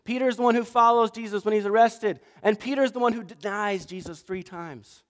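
A pastor giving a sermon, telling stories in an animated way and acting out the quoted voices. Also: male voice, high voice, fairly quick. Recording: long reverb of a large hall.

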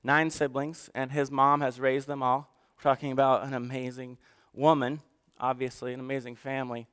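A man's voice: medium pitch, level tone, moderate pace, a bit bright, smooth. A man speaking as a pastor to his church in a conversational sermon, moving from joking asides to earnest, emotional storytelling.

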